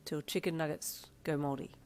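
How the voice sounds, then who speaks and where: Woman doing a low-voiced cocky boyfriend. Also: fairly even intonation, moderate pace, darkish tone, a little hiss or hum. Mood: teasing. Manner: low, smirking, suggestive. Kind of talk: fan fiction audio reading.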